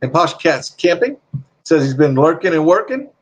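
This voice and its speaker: A man's voice: on the high side, very animated, moderate pace. A man hosting a casual live stream, rambling and reading viewer comments aloud in a friendly, chatty way.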